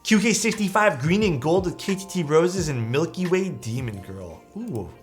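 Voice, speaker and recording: Easygoing male streamer with lively pitch. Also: moderate pace, soft background music. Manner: enthusiastic, easygoing, lots of praise. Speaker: streamer reviewing viewers' keyboard photos. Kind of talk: casual live-stream commentary.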